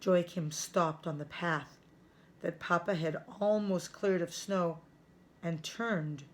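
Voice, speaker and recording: A woman teacher reading a chapter book aloud to children, careful and clear. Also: on the low side, fairly even intonation. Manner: slow, careful read-aloud.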